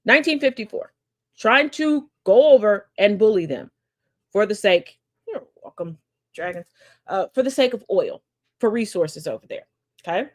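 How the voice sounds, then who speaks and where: A woman's voice: mid-range voice, animated, normal speed. A woman hosting a daily news commentary stream, talking in a sassy, sarcastic way and laughing often. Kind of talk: casual political commentary.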